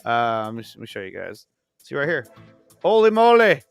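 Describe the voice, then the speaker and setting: A man hosting a casual livestream chat, excitable and swearing freely. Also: fairly low pitch, brisk, gravelly, faint music behind. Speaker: livestream host.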